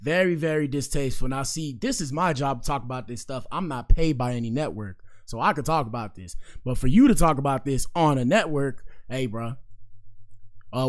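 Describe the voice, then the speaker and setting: Casting note: male podcast host, weary and laid-back, loose slang, rambling asides, mid-pitched. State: tired. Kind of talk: casual commentary on news clips.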